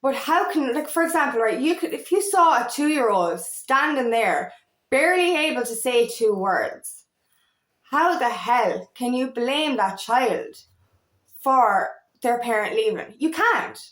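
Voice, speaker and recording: A woman in her thirties speaks candidly as a feminine empowerment coach, her talk rambling and full of fillers and restarts. Her voice sits fairly high. The room around her gives the sound a noticeable echo. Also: expressive, measured pace. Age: 30s. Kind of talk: personal monologue to camera.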